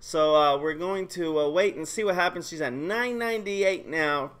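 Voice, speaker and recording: High-voiced, excitable male stream host. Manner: excitable, joking, quick bursts of hype. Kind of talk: casual game commentary.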